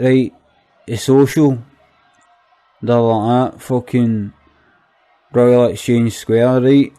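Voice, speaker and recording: Sweary, rambling Glaswegian young guy, played by a man, slow delivery, dark tone. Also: mid-range voice, lightly acted. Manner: rambling, swears constantly, repetitive. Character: foul-mouthed skint young Glasgow man, incredulous. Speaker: comic monologue character. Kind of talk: sweary comic rant.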